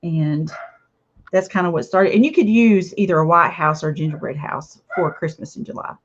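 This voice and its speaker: Woman, lowish voice, rambling chatty crafter, dull lo-fi audio. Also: moderate pace. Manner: chatty, rambling, talks to viewers while working. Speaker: craft vlogger. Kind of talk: casual livestream chat while crafting.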